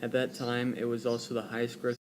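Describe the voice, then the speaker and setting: A man narrates a documentary from a script in a flat, level voice. His noisy recording has a steady hum of background sound. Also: medium pitch, brisk. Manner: even, read-aloud delivery.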